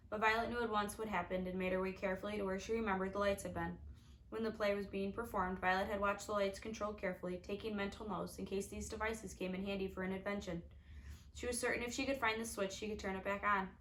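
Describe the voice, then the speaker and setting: A woman's voice: medium pitch, flat delivery, fast, fairly bright tone, a little hiss or hum, poor audio. A woman narrating a storybook with wry, confiding asides to the reader. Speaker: audiobook reader.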